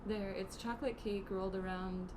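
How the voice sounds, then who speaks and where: A woman's voice: mid-range voice, fairly even intonation, normal speed. Hesitant woman co-host, noisy room. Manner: hesitant, soft-spoken, fillers. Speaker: podcast co-host. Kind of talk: casual chat.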